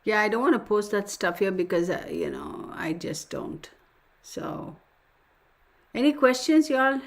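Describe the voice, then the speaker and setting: Hosting a tarot livestream, a middle-aged woman talks with a medium pitch at an unhurried pace. She's excitable and chatty, swapping stories and casual conversation with her viewers.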